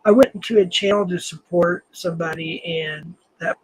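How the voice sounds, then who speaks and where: A man's voice: sits high, fairly even intonation, normal speed, a little mellow, a little hiss or hum, low-quality recording. A man hosting a live stream, chatting casually, laughing now and then and greeting viewers in the chat. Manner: laid-back, chuckling, greets chat viewers. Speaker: livestream host.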